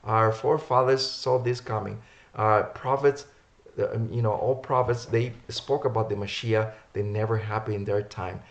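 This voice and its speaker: A man's voice: on the low side, steady tone, normal speed, creaky, lo-fi sound. A man preaching a sermon, reading verses aloud and repeating key words for emphasis. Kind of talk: sermon teaching from scripture.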